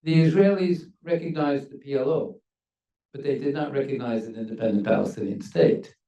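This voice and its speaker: An older former diplomat speaks on a university panel with a gravelly, mellow voice. He is measured and emphatic, leaning hard on key words. He sounds a little off-mic in an echoey hall. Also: mid-range voice, recorded from a distance. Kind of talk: panel discussion remarks.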